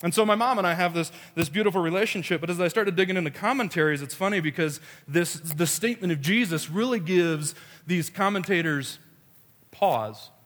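Humorous preacher in an echoing hall. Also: male voice, sits high, a little fast, fairly bright tone. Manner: storytelling with playful quoted voices. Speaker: pastor. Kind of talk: sermon.

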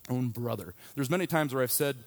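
A man's voice: mid-range voice, fairly quick. Pastor, man in his thirties, delivers a sermon in a frank, chatty storytelling manner. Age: 30s. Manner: candid, conversational storytelling.

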